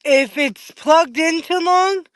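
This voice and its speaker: A woman's voice: extremely high pitch, takes it slowly, a crowd in the background. A woman chatting casually on a podcast, blunt and offhand. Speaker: podcast guest. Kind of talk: casual chat.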